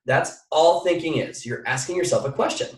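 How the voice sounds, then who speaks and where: A young man delivers a motivational training talk in a fairly high voice, pushing his points with emphatic repetition and direct questions to his listeners. He sounds set back from the mic, and the room throws plenty of echo around him. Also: normal speed. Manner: energetic, emphatic, repeats phrases, addresses audience directly. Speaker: motivational speaker. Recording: echoey room, mic at a distance.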